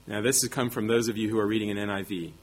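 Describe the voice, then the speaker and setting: A man's voice: fairly low pitch, steady tone, rapid-fire. A man preaching a sermon, teaching emphatically with rhetorical questions and self-deprecating asides.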